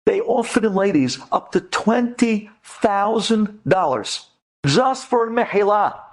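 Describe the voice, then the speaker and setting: Man, rabbi, storytelling lecture, dramatic, sudden high emphatic bursts, somewhat high voice. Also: animated, a little slow. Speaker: rabbi giving a lecture to women.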